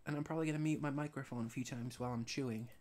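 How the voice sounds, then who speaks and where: A man live streaming while he animates, telling a casual story with many restarts and frequent throat clearing. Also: medium pitch, fairly even intonation, very fast, darkish tone. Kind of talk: rambling casual anecdote.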